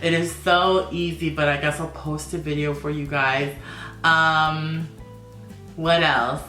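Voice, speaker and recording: A man's voice: fairly high pitch, flat delivery, takes it slowly, sharp tone, soft background music. Sassy campy man, echoey room. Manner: sassy, campy, playful asides. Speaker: makeup vlogger. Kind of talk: makeup tutorial vlog.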